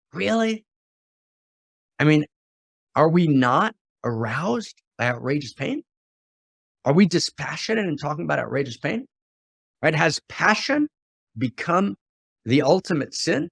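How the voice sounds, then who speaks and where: A middle-aged man giving an impassioned spiritual talk. He drops to a hush, then rises to fiery outbursts full of rhetorical questions and repetition. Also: medium pitch, dry recording, studio quality. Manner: swings from hushed to fiery and exclamatory. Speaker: spiritual teacher.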